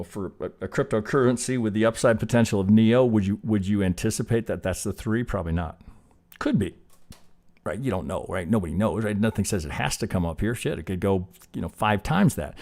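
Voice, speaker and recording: A man's voice: on the low side, a little mellow. A man hosting a live trading stream, talking loosely through chart counts, swearing now and then and getting fired up. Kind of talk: live chart analysis, casual teaching.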